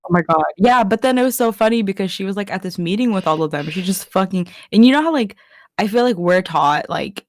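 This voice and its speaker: A young woman co-hosting a casual podcast, talking in an animated, giggly way and filling her speech with "like". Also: medium pitch, brisk, no echo, clean studio sound. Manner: animated, giggly, heavy use of "like". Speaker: podcast co-host. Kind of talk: casual chat.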